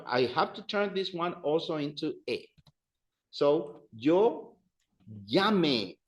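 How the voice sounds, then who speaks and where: Patient teacher in a roomy classroom. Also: male voice, on the high side. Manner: patient, encouraging, drills conjugations aloud with students. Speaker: Spanish teacher. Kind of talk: adult-education language lesson. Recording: roomy, dull classroom sound.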